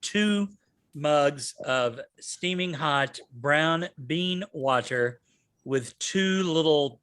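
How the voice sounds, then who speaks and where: A man running a tabletop game as game master, telling the scene in a relaxed, wry way. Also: fairly high pitch, extremely slow, clean tone, no echo, clean studio sound.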